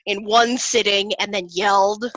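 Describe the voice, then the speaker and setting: A young woman co-hosting a casual book chat, expressive, asking questions and correcting herself as she goes. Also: medium pitch, measured pace, dull audio. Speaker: podcast co-host. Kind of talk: casual chat about books.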